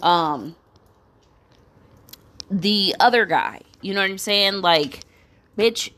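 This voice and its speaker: A woman's voice: mid-range voice, slow pace, a bit bright. A woman ranting bluntly, swearing constantly and asking "you know what I'm saying?" between fired-up, indignant complaints. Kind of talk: profane venting rant.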